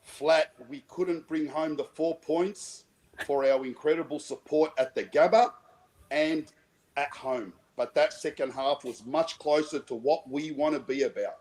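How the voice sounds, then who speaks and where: A man's voice: fairly high pitch, a little slow, a little mellow, poor audio. A man calling in to a fan stream over an online call, sounding deflated and rambling a little. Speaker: caller. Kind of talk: casual chat on a call.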